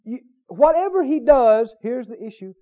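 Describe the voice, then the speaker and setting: A man's voice: extremely high pitch, animated, normal speed, narrow, tinny audio. A man preaching a sermon emphatically, repeating his points and asking the congregation questions. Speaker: pastor.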